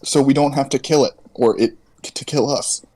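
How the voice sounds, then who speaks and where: A man's voice: mid-range voice, steady tone, brisk, darkish tone. A man as a player in a tabletop game, talking casually and joking.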